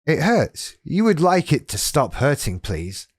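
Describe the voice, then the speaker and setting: Man, channel host, unhurried delivery, dry close sound, wry direct-to-camera talk. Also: a little high, wildly swooping pitch, husky, no room sound. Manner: wry, direct address to the viewer, self-deprecating. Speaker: YouTube channel host on living with BPD.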